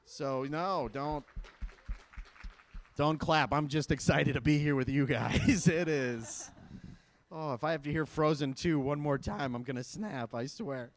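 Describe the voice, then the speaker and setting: A man's voice: a little high, a little slow. Joking young man from Michigan. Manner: jokey, laughs at his own lines. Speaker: stand-up comedian. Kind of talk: stand-up comedy set.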